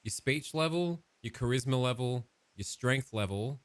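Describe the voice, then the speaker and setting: This gamer has a mid-range, animated voice at normal speed, recorded without echo. Reading a game tutorial aloud, he chats casually with an AI, keeping his commentary dry and teasing.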